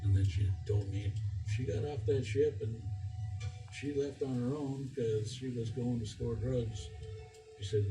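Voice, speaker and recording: A man's voice: medium pitch, measured pace. A man in his sixties, a Navy veteran, recounting a past encounter in a plain-spoken, matter-of-fact way. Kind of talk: first-person storytelling. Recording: distant roomy mic with loud music.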